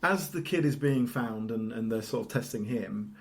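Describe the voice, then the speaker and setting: A man's voice: mid-range voice, animated, normal speed. A man talking as a guest on a casual podcast, thoughtful, with frequent restarts and light laughs.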